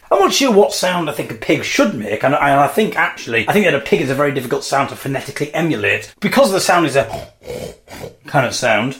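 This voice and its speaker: A man hosting a podcast alone, musing in a wry, playful way and acting out mock debates. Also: medium pitch. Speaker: podcast host. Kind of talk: solo comic musing.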